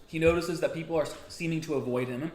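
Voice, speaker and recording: A man co-hosting a casual book discussion, retelling the plot and acting out the characters' lines in quick asides. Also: fairly high pitch, a little hiss or hum. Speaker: podcast co-host. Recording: roomy echo.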